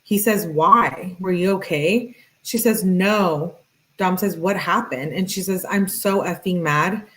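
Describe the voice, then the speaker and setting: A woman hosting a true-crime channel, reading text messages aloud in a plain voice and breaking in with quick, skeptical asides. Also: on the low side, low-quality recording.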